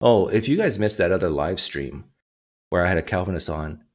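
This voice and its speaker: Lively low-voiced man hosting a livestream. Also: a little fast. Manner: animated, reads donation messages aloud. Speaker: livestream host. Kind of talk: casual livestream monologue.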